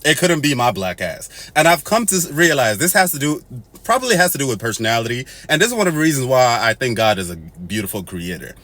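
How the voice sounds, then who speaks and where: A man from Nigeria hosting a casual to-camera monologue, animated and swinging from loud exclamations to low muttered asides, mixing in Pidgin and Igbo phrases. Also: fast talker, dry recording. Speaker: host.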